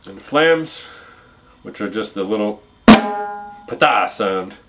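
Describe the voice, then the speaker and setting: A man teaching drum technique, explaining exercises in a calm, plain way. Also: fairly low pitch, slow, over loud music. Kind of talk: instructional demonstration.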